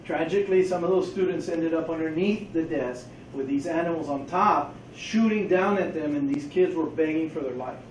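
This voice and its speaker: A man's voice: on the high side, moderate pace, hardly any pauses, a little mellow, slight background noise. A man briefing role players as a police training instructor, casual and joking as he explains a hostage scenario. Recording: echoey room, from far off.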